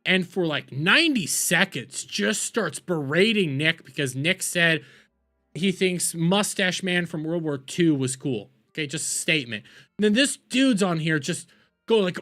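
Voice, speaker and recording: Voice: medium pitch, expressive, unhurried, fairly bright tone, soft background music. A streamer giving casual reaction commentary, profane and rambling. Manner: profane, rambling, scrolls while talking.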